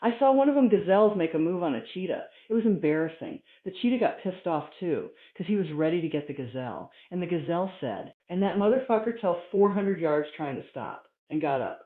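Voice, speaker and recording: A man doing a stand-up routine, telling stories in a profane, animated way. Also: high voice, fairly quick, hardly any pauses. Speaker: stand-up comedian. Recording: tinny, roomy live recording.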